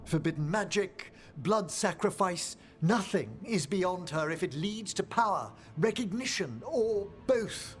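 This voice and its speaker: In video game dialogue with soft background music, a male actor plays a courteous, refined older scholar of death magic. His high voice has lively intonation, and he speaks in a formal, measured and wistful way.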